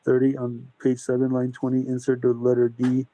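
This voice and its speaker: A man reading a long list of technical amendments into the record for a council, steady and methodical. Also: mid-range voice, brisk, highs cut off, slight background noise.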